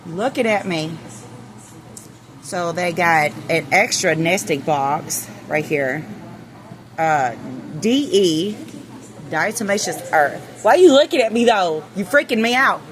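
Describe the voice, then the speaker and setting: A woman's voice: lowish voice, animated, slow pace, long pauses, slight background noise. A woman vlogging casually in her backyard, nervous and swearing as she talks to her chickens. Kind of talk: casual chat. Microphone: handheld phone camera.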